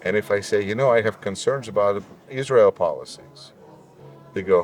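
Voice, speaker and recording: A Russian-born man, a native Russian speaker, with a deep announcer-like voice, speaking earnestly and reflectively as an interview guest. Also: animated, brisk, a little mellow. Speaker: guest, local elected official. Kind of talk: conversational interview.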